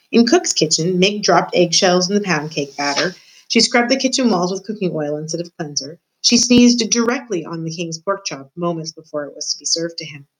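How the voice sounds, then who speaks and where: Teacher reading a chapter book aloud to her class, a woman with a lowish voice, expressive delivery. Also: poor audio. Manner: expressive, addresses the reader. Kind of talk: read-aloud storytelling.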